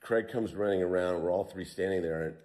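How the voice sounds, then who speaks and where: A man being interviewed, recounting a survival story in a relaxed, storytelling way with fillers and restarts. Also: low-pitched, a little fast. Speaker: interview guest.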